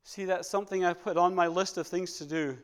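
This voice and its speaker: High-voiced preacher in a reverberant church. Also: male voice, steady tone, brisk, clear, resonant tone. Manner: emotional, repeats phrases, swings from loud to hushed. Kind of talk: sermon. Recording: church hall with long reverb.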